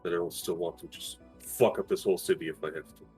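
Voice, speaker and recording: A man's voice: low voice, steady tone, fast, dark tone, soft background music. A man playing a tabletop role-playing game, earnest and intense, swearing freely. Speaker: player.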